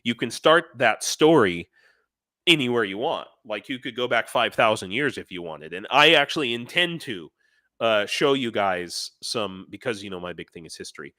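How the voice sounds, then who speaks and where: A man's voice: on the low side, animated, moderate pace, pushed and bright, no room sound, studio quality. A man hosting a casual live stream who also works as a teacher. He rambles, restarts his sentences and answers viewers by name.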